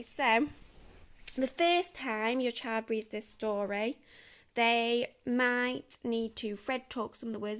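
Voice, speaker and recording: A woman teacher walks parents through phonics at a slow, careful pace. Her voice sits a little high, with a gravelly, creaky edge. She sounds out each letter patiently. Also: fairly bright tone. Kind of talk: instructional walkthrough for parents.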